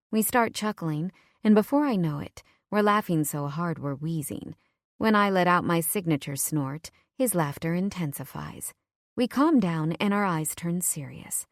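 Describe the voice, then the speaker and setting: A woman narrating a first-person romance audiobook in a soft, intimate, measured voice on a close mic. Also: on the low side, expressive, no room sound.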